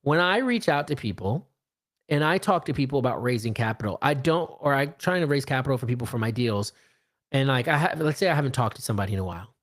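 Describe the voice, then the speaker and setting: A man's voice: medium pitch, animated, fast, fairly bright tone. A man in his late thirties giving a casual live-streamed business talk, acting out little dialogues as he goes. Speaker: real estate investor and speaker.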